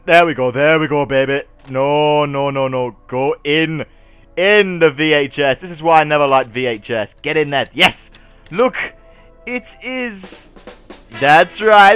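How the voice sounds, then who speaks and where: A young man giving excitable gameplay commentary, swearing and talking to the game as he plays. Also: on the high side, normal speed, faint music behind. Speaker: gaming YouTuber.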